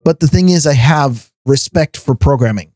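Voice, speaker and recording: A man's voice: mid-range voice, moderate pace, darkish tone, no room sound. A middle-aged man co-hosting a podcast, ranting in casual chat, often stammering on restarts. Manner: ranting, stammers on restarts, laughs between points. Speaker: podcast co-host.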